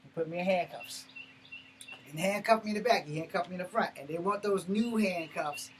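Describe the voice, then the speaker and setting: A man telling a personal story in a blunt, profane, animated way, breaking off and restarting mid-sentence. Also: high-pitched, a little fast, slight background noise, rough recording. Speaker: martial arts channel host. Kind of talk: personal story told to camera.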